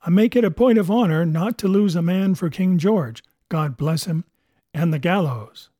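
A man voicing a fearless, educated ship's doctor who talks crisply and scolds dryly. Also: high-pitched, normal speed, warm tone, no room sound, clean studio sound. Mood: brisk. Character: brisk, fearless male ship's doctor, gentleman.

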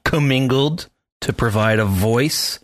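A man's voice: mid-range voice, slow, dry recording. A man on a casual podcast, teasing his co-host with dry humor while asking questions.

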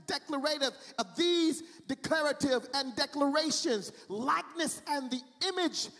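A man's voice: extremely high pitch, moderate pace, a bit bright, in a large hall. A man preaching a sermon in an emphatic, repetitive, sing-song way, stretching out key phrases. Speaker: pastor. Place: church, also streamed online.

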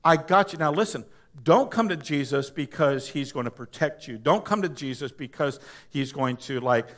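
A man preaching a sermon, emphatic, asking the congregation to answer back. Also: medium pitch. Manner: call-and-response with congregation, emphatic, rising to loud.

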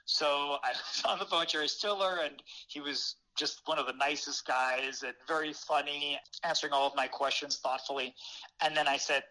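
Bright-voiced man telling a story. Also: fairly high pitch, normal speed, poor audio. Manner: animated, laughing often, many fillers. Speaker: interview guest, former newspaper reporter. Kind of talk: casual storytelling.

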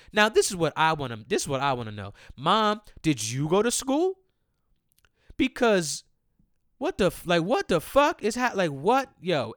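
Ranting alone on his own podcast, this man addresses his listeners straight on, swearing, heated and repeating himself. His voice runs on the high side, fairly bright, clear and resonant, with clean studio sound and no room sound.

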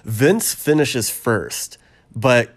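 A man in casual chat, retelling a film's plot in a rambling way with many ums and quick acted quotes. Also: mid-range voice, expressive. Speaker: podcast co-host recapping a film.

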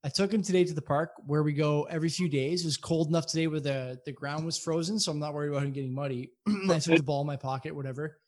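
A man spins a long, rambling anecdote for his friends on a casual podcast, swearing often and piling up asides. His voice sits a little on the high side for a man. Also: fast. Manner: rambling, profane, animated retelling. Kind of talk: casual storytelling among friends.

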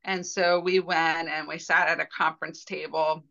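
A woman talks through a personal story on a podcast, candid and rambling, with little laughs breaking in. Her voice sits on the low side but comes across bright and forceful. The recording sounds dull and lo-fi. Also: little pitch movement, normal speed, creaky. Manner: candid, rambling, with frequent fillers and soft laughs. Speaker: podcast guest.

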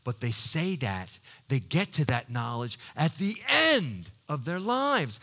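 A middle-aged man preaching from the pulpit with a bright, forceful voice. He rises to loud emphatic peaks, then drops low and quiet to tell a story, often restarting mid-phrase as he reaches for the right word. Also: sing-song. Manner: halting restarts, searching for words. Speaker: pastor. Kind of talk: sermon.

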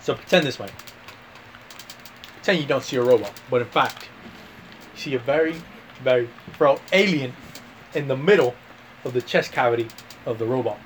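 A man voicing a brash, loudmouthed Australian bloke who ends every sentence with "mate". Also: medium pitch, normal speed, pauses often, a little hiss or hum, close to an everyday voice. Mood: explaining. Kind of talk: mock-accent bit in casual chat.

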